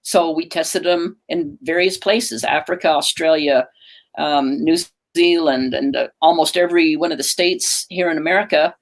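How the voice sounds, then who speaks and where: A woman's voice: low voice, normal speed, rough recording. An older woman from Utah who founded a bullet company, talking plainly and earnestly in an interview. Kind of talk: casual interview talk.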